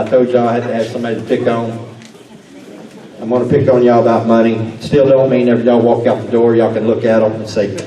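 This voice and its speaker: A man's voice: mid-range voice, dark tone. A man with a Texas accent, a sheriff giving a folksy, laughing speech at an awards dinner. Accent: Texan. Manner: folksy, drawling, laughs while telling stories. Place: banquet hall. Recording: roomy banquet hall, picked up from a distance.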